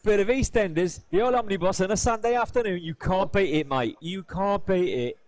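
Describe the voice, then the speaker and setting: A man putting on a brash, cheeky Cockney London geezer with a Cockney accent, loud and full of slang. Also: high voice, fairly quick, dry recording, pitched above the performer's own voice, close to an everyday voice.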